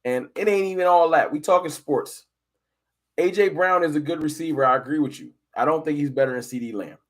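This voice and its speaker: A man runs a casual sports live stream, answering viewers one by one. His voice sits a touch high, and he talks in a lively, combative way, pushing his opinions hard while staying loose and conversational. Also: brisk. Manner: animated, argumentative, addresses chat viewers directly. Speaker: fan channel live stream host.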